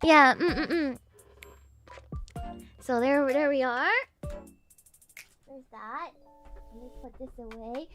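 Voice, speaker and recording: A woman streamer chatting casually with her viewers, giggly and animated, with sudden excited outbursts. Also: sits high, measured pace, pauses often, faint music behind. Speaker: VTuber streamer. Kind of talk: casual livestream chat with viewers.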